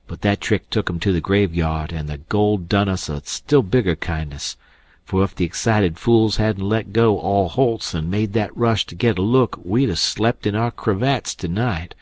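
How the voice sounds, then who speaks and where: A man voicing a middle-aged male con man who scolds his partner loudly and sarcastically. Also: lowish voice, normal speed, no room sound, close to an everyday voice. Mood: scolding.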